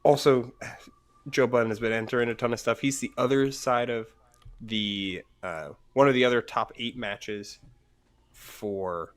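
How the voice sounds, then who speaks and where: A man's voice: medium pitch, steady tone, measured pace. A man casually commentating a fighting game tournament stream, chatty and laid-back.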